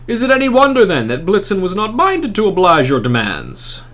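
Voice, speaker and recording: A man's voice: high-pitched, wildly swooping pitch, normal speed, a bit bright, voice pushed up, full character voice. A man voicing a grand, theatrical male holiday saint from a game, making pompous proclamations. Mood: lecturing.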